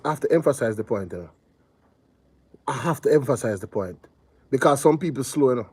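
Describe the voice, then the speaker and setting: A Jamaican man hosts a live reaction stream in an animated, emphatic voice that sits a little high. His sound is dry and close, with no room around it, as he hammers each point home. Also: dry recording. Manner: animated, emphatic, repeats points, shouts out viewers. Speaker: reaction show host.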